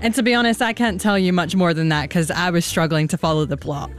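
A woman's voice: on the low side, steady tone, fast talker, faint music behind. A woman hosting a news podcast in a chatty, upbeat presenting manner, on a studio mic. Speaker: podcast host.

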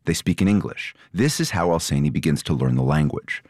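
A man reporting, reading a scripted story narration in a measured, steady way and interviewing guests. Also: very deep voice, no room sound, studio quality. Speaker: reporter and host.

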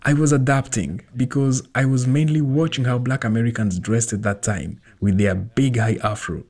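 A man reads an English voice-over translation of an interview. His voice is husky with a breathy edge, and he keeps a calm, measured storytelling pace. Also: mid-range voice.

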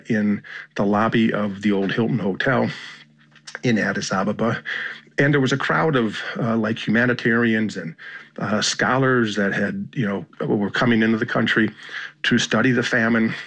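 American guy, husky voice, kinda slow and thoughtful, lots of "you know"s. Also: on the low side, fairly bright tone. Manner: measured, thoughtful, with frequent "you know" and "kind of". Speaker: journalist guest. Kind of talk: reflective interview talk.

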